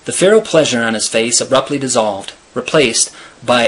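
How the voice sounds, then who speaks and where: A man reading a novel aloud in a steady, earnest storytelling manner. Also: medium pitch, normal speed, slightly rough. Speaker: reader.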